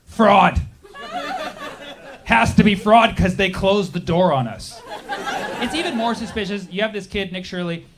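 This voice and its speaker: A young man doing a stand-up comedy set, sarcastic, jumping into quick acted-out voices. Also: high-pitched, expressive, crowd noise, noisy background. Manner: sarcastic, acts out characters in quick bursts. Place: comedy stage with a laughing audience.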